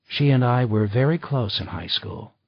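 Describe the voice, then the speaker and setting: A man's voice: mid-range voice, lively intonation, normal speed, vocal fry, no echo. A man voicing a poised, chatty female travel writer in an audiobook reading. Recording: slightly dull dry recording.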